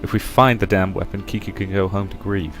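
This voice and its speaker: A young man playing a sci-fi visual novel, reading out every character's lines with shifting pitch and loudness. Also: fairly even intonation, brisk, music in the background. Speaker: game let's-player.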